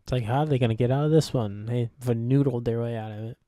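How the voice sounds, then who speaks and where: A man with a mid-pitched voice jokes through a casual movie review podcast, goofy and quick to poke fun at himself. The sound is close and dry. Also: steady tone, mellow, dry recording. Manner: goofy, self-deprecating, joking. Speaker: podcast co-host.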